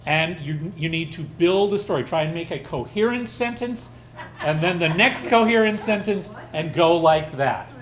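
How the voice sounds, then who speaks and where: Lively host explaining a stage game. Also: medium pitch, normal speed. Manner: explaining rules, lively and loose. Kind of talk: live show hosting. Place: live stage in a pub.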